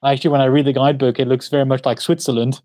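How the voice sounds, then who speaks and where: Guy with a background rattling off holiday plans fast, laughs a lot, dry close sound. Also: mid-range voice, flat delivery, dark tone, dry recording. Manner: quick-talking, laughs often, self-deprecating. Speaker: podcast co-host. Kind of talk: casual chat.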